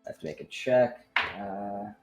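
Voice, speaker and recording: A man's voice: lowish voice, a little slow, faint music behind. A young man narrating as dungeon master in a casual, rambling way, full of fillers. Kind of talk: narrating a tabletop game.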